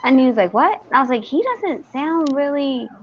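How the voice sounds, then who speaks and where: A woman in a casual online chat, winding through a long story and dropping curse words as she goes. Her voice sits at a middle pitch. The audio is dull and lo-fi, like voice-chat sound. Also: very animated, moderate pace, a little hiss or hum. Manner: rambling storyteller, swears often. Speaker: panelist on an online boxing chat.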